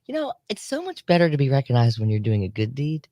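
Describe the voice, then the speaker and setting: A woman, co-hosting a radio show and telling a story in a chatty, lively way, acting out what people said. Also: extremely low pitch, fast talker, dry recording. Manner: chatty, animated storyteller who acts out quotes. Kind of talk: casual storytelling on morning radio. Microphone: studio mic.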